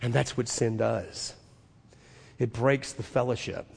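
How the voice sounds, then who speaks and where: A man preaching a sermon, moving from hushed asides to loud, emphatic declarations with drawn-out stressed phrases. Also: medium pitch, creaky, husky. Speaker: pastor. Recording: long hall reverb.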